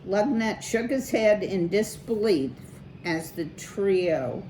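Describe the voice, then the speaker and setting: A woman reading a children's chapter book aloud in a measured, expressive way. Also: mid-range voice, slight background noise, low-quality recording. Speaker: children's story reader.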